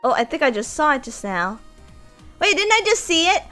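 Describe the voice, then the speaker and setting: A woman streamer in casual live-stream chat, slightly hoarse, giggling and chatting with her viewers. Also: sits high, big pitch swings, normal speed, sharp tone, faint music behind.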